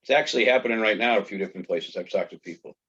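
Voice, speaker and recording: Husky low man on a dull line. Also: very fast, sharp tone. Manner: matter-of-fact, explains from experience. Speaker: training call participant. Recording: dull, lo-fi call audio.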